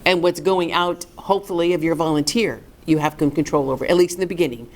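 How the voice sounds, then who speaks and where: A woman's voice: low voice, quick pace. A middle-aged woman presenting a recorded workshop lesson in an emphatic, coaching way, asking and answering her own questions.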